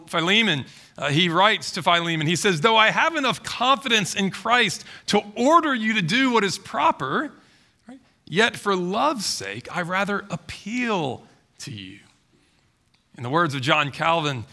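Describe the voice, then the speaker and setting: A man delivers a sermon in a high voice with a gravelly grain. His tone is bright and forceful, and he leans on repeated phrases to drive each point home. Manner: earnest, emphatic preaching with repeated phrases. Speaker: pastor.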